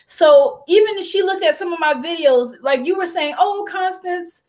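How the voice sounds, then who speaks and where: Tearful high-voiced woman. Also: normal speed, a little mellow, rough recording. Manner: tearful, voice breaking as she talks. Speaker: host. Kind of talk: emotional personal conversation.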